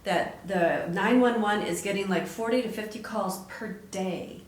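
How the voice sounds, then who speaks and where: A woman's voice: mid-range voice, a little slow. A woman co-hosting a podcast, chiming in with brief, teasing remarks during casual chat. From Michigan. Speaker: podcast co-host. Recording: roomy echo.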